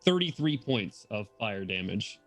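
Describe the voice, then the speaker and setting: A man's voice: fairly low pitch, big pitch swings, measured pace, a bit bright, faint music behind. A man playing a tabletop game, methodically explaining his spells and moves. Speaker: player.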